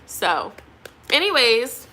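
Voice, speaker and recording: A woman's voice: on the high side, sing-song, slow, pushed and bright. A pregnant young woman doing a tarot reading, chatting casually with viewers and laughing often. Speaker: tarot reader.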